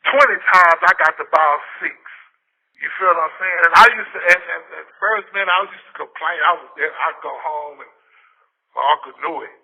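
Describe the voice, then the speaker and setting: A man in his fifties from Texas, telling stories in a casual interview, animated and often repeating and restarting his words. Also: sits high, husky. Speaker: interview guest, former football player. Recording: tinny phone-like lo-fi audio.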